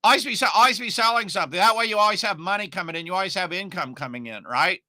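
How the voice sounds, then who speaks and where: A middle-aged man from Oklahoma gives a folksy, emphatic pep talk on selling, his voice set high and very bright, with sudden loud bursts. He talks straight into a dry, close mic. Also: very fast, dry recording. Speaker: online marketing coach. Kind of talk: motivational talk to camera.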